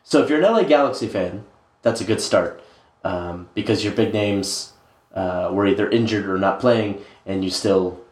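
A man's voice: on the low side, normal speed, darkish tone. A man co-hosting a casual sports podcast, rambling with many filler sounds as he recaps matches. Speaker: podcast co-host. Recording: roomy echo.

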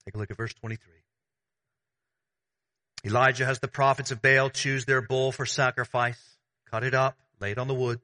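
A man preaching a sermon as pastor, conversational and animated, with everyday analogies. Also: medium pitch, moderate pace, long pauses.

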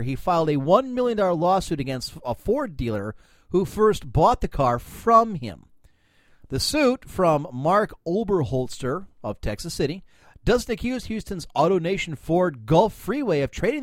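Lively-voiced joking male podcast host. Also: on the high side, normal speed, no echo, studio quality. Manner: rambling, joking, reads news aloud. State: coughing, lungs bothering him. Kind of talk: casual comedic news chat.

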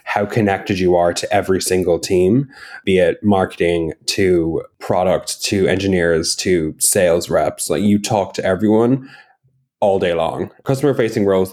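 A man, a podcast guest who talks about his work in a relaxed, conversational way. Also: deep voice. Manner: relaxed, conversational, some restarts. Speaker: support team lead, guest. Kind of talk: casual interview chat.

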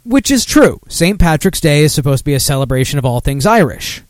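A man's voice: on the high side, very animated, brisk, a little mellow, no echo. A man hosting a podcast, ranting casually with lots of fillers and self-corrections. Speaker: podcast host.

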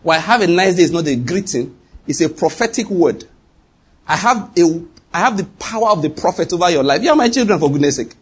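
A middle-aged male pastor delivers a sermon in a slightly husky, fairly high voice. He keeps asking whether the congregation is following him. When he leans into a point, he rises sharply in pitch. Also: expressive, a little fast. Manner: rhetorical questions to the congregation, rising pitch when emphatic.

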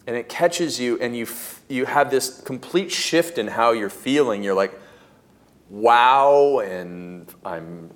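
A man talking as a podcast guest, telling stories in a lively way and acting out what he and others said. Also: medium pitch, a little slow, hardly any pauses. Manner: animated, acts out his own quotes and screams. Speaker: podcast guest, entrepreneurship coach. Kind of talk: casual interview storytelling.

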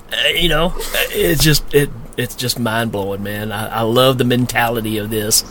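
A man's voice: medium pitch, a little slow, a bit bright, slight background noise. A man co-hosting a casual movie commentary chat, laughing often and talking with animation.

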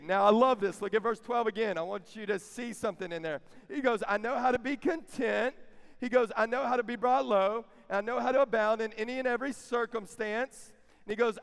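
High-voiced preacher in a hall. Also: male voice, creaky, clean tone. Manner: call-and-response with audience, building to shouts. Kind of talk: sermon. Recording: long reverb of a big hall.

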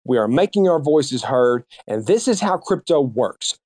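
A man's voice: mid-range voice, very animated, measured pace, darkish tone. A man in an online audio chat, speaking in an emphatic, fired-up rant that repeats its points. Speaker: guest speaker. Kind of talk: heated casual rant.

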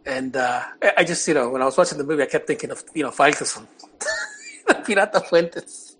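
A man's voice: medium pitch, rapid-fire, a bit bright, slight background noise, poor audio. A man co-hosting a soccer podcast, talking casually with lots of fillers and laughs. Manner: rambling, laughs often, many fillers. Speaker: podcast co-host. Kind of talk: casual sports chat.

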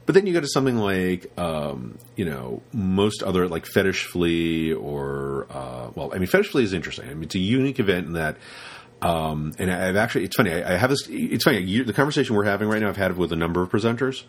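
Low-voiced rambling man chatting. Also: big pitch swings, quick pace. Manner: rambling, repeats words, acts out quoted students. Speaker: podcast host and rope teacher. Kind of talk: casual podcast chat.

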